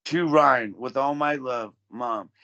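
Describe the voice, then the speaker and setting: Gravelly blunt-talking man. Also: mid-range voice, slow pace, pushed and bright, dull audio. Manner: profane, blunt storytelling. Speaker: podcast guest. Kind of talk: casual interview.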